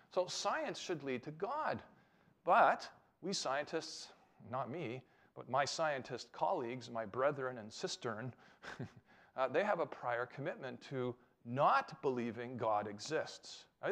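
Man, thirties, gravelly mid-pitched voice, animated lecturer who throws out rhetorical questions. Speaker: chemist giving a church talk. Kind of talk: lively public talk to an audience.

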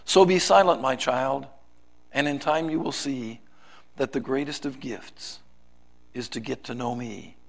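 A man preaching a sermon, reciting a poem with dramatic swings from loud pleading to hushed softness. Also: medium pitch, unhurried, gravelly.

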